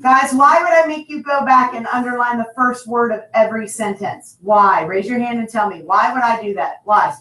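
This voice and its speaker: A woman teacher giving brisk, repeated instructions to her class. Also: on the high side, a bit bright. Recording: echoey classroom from far off.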